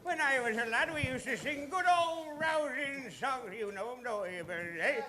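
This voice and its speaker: A man's voice: very high voice, animated, moderate pace, full character voice. A man playing a cheeky old male army pensioner who heckles from the audience in a live theatre, bossy and interrupting. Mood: rowdy. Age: older. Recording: live theatre with loud noise.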